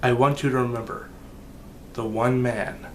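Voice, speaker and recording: A man reciting a quote as a menacing older male vigilante, speaking low and slow and sinking to a whisper. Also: steady tone, a little hiss or hum, close to an everyday voice.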